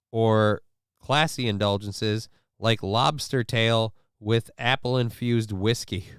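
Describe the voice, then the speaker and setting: A man with a medium-pitched, fairly bright and clean voice hosts a casual live stream, reading viewer comments and news stories aloud and tossing off sarcastic remarks. The studio sound is clean with no echo.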